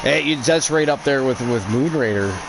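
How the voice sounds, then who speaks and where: A man's voice: mid-range voice, normal speed, noisy background. A man hosting a casual livestream, commentating on a wrestling video game with announcer-style flourishes, jokes and plenty of swearing. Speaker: stream host and commentator.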